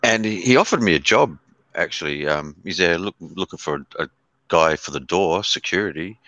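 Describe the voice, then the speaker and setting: A man's voice: deep voice, lively intonation, moderate pace, sharp tone, no room sound. A man with an Australian accent in a laid-back casual chat, laughing often and saying mate.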